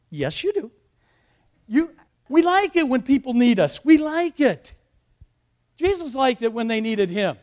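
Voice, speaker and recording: A man with a notably high voice delivers a sermon. He shifts between quiet, conversational asides and emphatic, building declarations that swell toward shouts, with touches of self-mocking humor. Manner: emphatic preaching, rising to shouts. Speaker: pastor.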